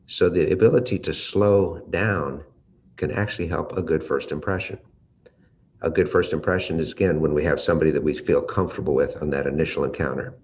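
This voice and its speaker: American male trainer, deep voice, demonstrates volume and pace shifts, slightly dull recording. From United States. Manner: varies volume and pace to demonstrate, drawn-out pauses. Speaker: leadership trainer. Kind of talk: teaching talk with vocal demonstrations. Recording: slightly dull audio with faint ambient noise.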